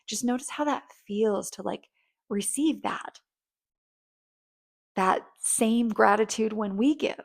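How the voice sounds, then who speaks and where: A woman's voice: on the high side, takes it slowly, gravelly, pauses often. A woman in casual, rambling talk, giving relationship advice and acting out sweet, grateful thank-yous. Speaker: relationship coach.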